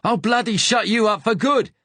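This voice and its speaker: A man's voice: on the high side, moderate pace, dry recording, pitched above the performer's own voice. A man voicing a snarling Cockney thug. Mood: furious. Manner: shouting, swearing, threatening. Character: furious Cockney traitor policeman, vicious and snarling.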